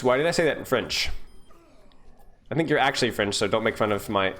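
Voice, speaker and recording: A man's voice: mid-range voice, lively intonation, moderate pace, long pauses, fairly bright tone. A young man coaching live on stream, reviewing gameplay in a casual, joking way and answering his viewers. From United States.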